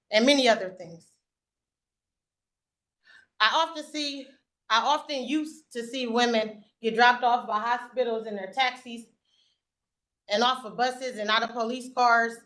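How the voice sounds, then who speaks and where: In a public meeting room, a woman earnestly reads a prepared statement to a zoning board, stumbling now and then over her notes. Her voice is on the high side with a fairly bright tone. The recording is low quality.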